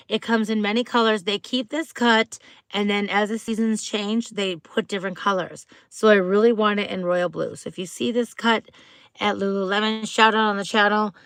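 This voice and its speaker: A woman's voice: medium pitch, smooth, no room sound. A woman hosting a casual live stream, chatting to viewers in a bubbly way, full of "like" fillers and greetings. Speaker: livestream host.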